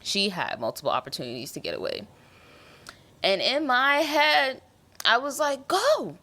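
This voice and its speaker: A woman's voice: mid-range voice, huge pitch swings, normal speed, pushed and bright. A young woman hosting a podcast, recapping a TV episode in casual, slangy and emotional chat. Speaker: podcast host.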